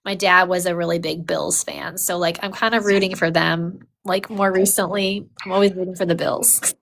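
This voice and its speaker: A woman's voice: on the low side, steady tone, normal speed, vocal fry, fairly bright tone, a little hiss or hum. Casual woman candidate answering questions. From upstate New York. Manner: casual, many fillers and restarts. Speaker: congressional candidate. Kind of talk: town hall interview answers.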